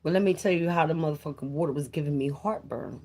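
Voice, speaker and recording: A woman's voice: deep voice, fast, mellow. A woman chatting casually to her viewers on a live stream, repeating herself and swearing freely. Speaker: vlogger on a livestream.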